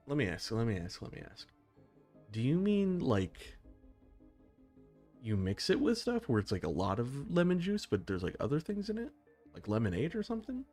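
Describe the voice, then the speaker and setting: A young man with a low voice talks casually to his stream audience, cursing freely and breaking into laughter. He sounds close to a desk microphone. Faint music plays underneath. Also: darkish tone. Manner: swears freely, laughs often. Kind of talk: casual chat with stream viewers.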